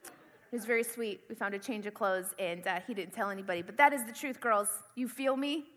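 A young woman preacher telling an animated personal story in a sermon. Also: medium pitch, fairly quick. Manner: animated storytelling, acts out screams and panic. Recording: long hall reverb.

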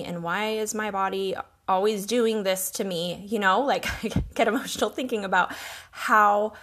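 A woman hosting a podcast, telling a personal story in an earnest, reflective and emotional way. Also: mid-range voice. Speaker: podcast host.

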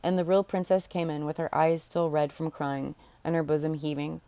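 A woman's voice: low voice, level tone, moderate pace, warm tone, no echo. A woman reading a fairy tale aloud in an unpolished way, stopping to restart and correct herself. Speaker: audiobook reader. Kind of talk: storybook narration.

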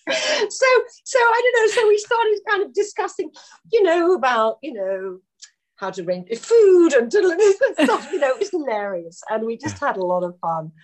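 A woman telling film-set anecdotes in a relaxed interview, often laughing as she talks. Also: sits high, normal speed. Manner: animated, laughing storyteller. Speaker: actress guest.

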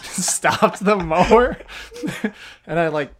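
Young male podcast co-host, slightly high voice, lively storyteller who acts out quotes. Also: very slow. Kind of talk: casual storytelling chat.

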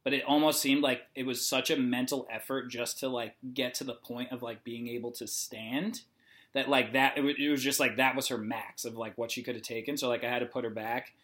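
A man's voice: mid-range voice, little pitch movement, brisk, a bit bright. A young man casually telling a long story, rambling with lots of "like" and acting out the dialogue. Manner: rambling, heavy use of "like", acts out dialogue.

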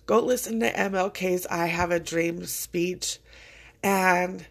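A woman's voice: on the low side, steady tone, takes it slowly. Earnest woman podcaster, heartfelt and casual. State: choking up with emotion. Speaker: podcast host. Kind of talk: casual motivational monologue.

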